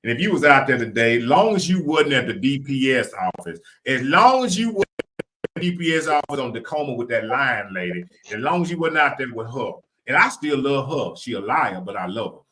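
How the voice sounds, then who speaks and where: A man's voice: medium pitch, expressive, a little fast, hardly any pauses, bright, forceful tone, low-quality recording. A man with a Southern US accent co-hosting a live podcast, talking in a repetitive, preacher-like cadence. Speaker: podcast co-host.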